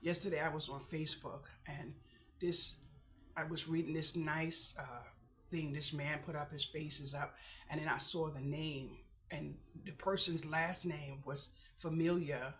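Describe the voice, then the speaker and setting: A middle-aged woman keeping a personal video diary, talking to herself in a halting voice that often sinks to a whisper while she holds back tears. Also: low voice, fairly even intonation, a bit bright, lo-fi sound. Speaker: vlogger.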